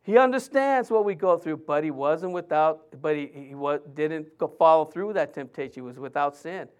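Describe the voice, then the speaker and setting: A man's voice: on the high side, moderate pace, a little mellow, clear, resonant tone, dull audio. A man, a pastor, preaching a sermon in church in a conversational way with frequent restarts.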